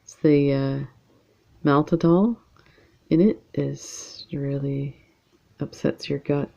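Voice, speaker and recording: Beading and chatting casually, a Canadian host of a beading channel speaks slowly, wandering off on tangents with many ums. She has a low-pitched, mellow voice with a gravelly, fried quality and fairly even intonation, while the recording sounds a bit dull and lo-fi.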